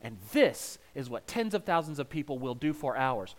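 Lively Southern American man preaching. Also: mid-range voice, normal speed. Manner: humorous, folksy storytelling with crowd asides. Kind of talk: sermon.

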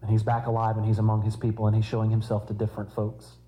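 Male preacher, warm mellow tone, chatty sermon with jokey asides. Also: lowish voice, completely flat delivery, quick pace, faint music behind, rough recording. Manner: conversational preaching with humorous asides.

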